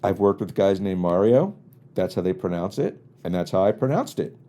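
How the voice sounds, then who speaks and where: Here a man hosts his podcast alone from a home studio in LA, his voice mellow and on the low side. He's an East Coast native spinning meandering, dry-humored tales with playful exasperation in a loose, easygoing comedic monologue. His delivery has a sing-song lilt at an ordinary speed.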